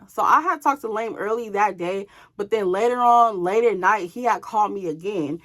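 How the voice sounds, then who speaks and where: A young woman tells a personal story straight to her viewers in a loose, chatty way. Her pitch sits in the middle range for a woman. She tosses in offhand, dismissive asides as she talks. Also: normal speed, a bit bright. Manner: chatty, addresses viewers as y'all. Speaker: storyteller vlogger. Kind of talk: casual storytime monologue.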